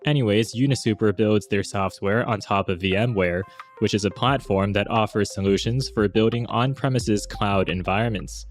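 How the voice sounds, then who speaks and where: A man reads scripted explainer narration in an even, informative tone. His voice sits a little low. Soft music plays faintly behind him. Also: moderate pace. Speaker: narrator of a reviewed video.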